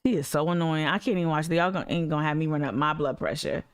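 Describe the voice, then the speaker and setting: A woman's voice: deep voice, fast, clean tone, no room sound, studio quality. A woman hosting a livestream, giving blunt, sarcastic, profane commentary on clips. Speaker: livestream host. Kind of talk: heated commentary reacting to clips.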